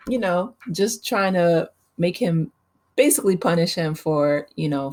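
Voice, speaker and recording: A woman's voice: lowish voice, a little mellow. A woman hosting her own channel, giving a casual, chatty movie recap with frequent laughs and fillers. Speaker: channel host.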